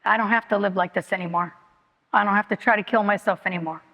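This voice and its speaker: A woman giving a candid personal testimony at a recovery meeting, talking haltingly with many fillers and restarts. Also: medium pitch, fairly even intonation, gravelly, pushed and bright. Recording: long hall reverb.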